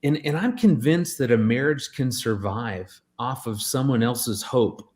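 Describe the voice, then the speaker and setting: A man in his forties telling a story on a radio talk show. he's earnest and animated, trips over his words and starts over a lot, and sits at an average pitch. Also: a little slow. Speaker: guest, marriage expert.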